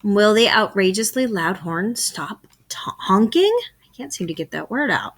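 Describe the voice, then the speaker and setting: A woman's voice: medium pitch, animated, moderate pace. A woman teacher giving a recorded grammar lesson, asking questions and then answering them herself.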